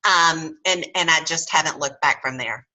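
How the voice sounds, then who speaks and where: Speaking at a moderate pace in a low-sitting voice, a middle-aged woman guest recounts her story during a relaxed interview. Her tone is bright and forceful, and she frequently performs others' quoted words. The recording is rough.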